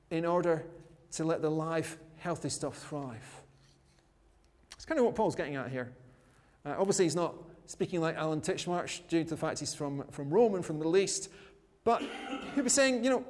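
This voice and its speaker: Guy giving a sermon, light high voice, lots of asides and "isn't it?" questions, long echo. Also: expressive, a little fast, darkish tone. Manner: chatty, self-deprecating asides and rhetorical questions. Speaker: preacher. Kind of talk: conversational sermon. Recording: long hall reverb.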